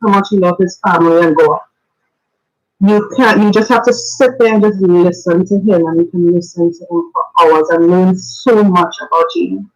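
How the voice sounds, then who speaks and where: On a dull-sounding recording, a woman with a lowish voice talks at a normal pace. She's a radio guest giving a spoken tribute, earnest and reflective, laughing now and then as she recounts faith-filled memories in the cadence of a preacher.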